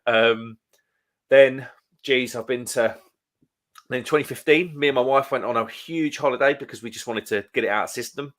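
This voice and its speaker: A man's voice: medium pitch, moderate pace, a bit bright. A man from England with a London accent, in his thirties, hosting a casual live stream chat and telling stories with plenty of laughs. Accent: London English. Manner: chatty storyteller, laughs often.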